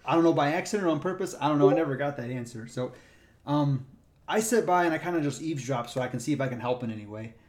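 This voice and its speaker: A man's voice: a little high, quick pace, a little hiss or hum. Chatty man telling ranger stories. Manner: animated retelling, acts out the people in his stories. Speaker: park ranger. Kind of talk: casual storytelling chat.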